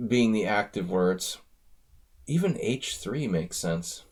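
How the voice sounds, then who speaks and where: American male streamer, low-ish voice, loose rambling live chess commentary. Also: lively intonation, slow, darkish tone. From United States. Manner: rambling, chatty asides between chess moves.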